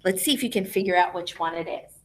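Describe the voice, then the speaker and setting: A woman teaching a music lesson to young children online. She speaks expressively and clearly, asking questions and then answering them herself. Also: fairly low pitch, quick pace.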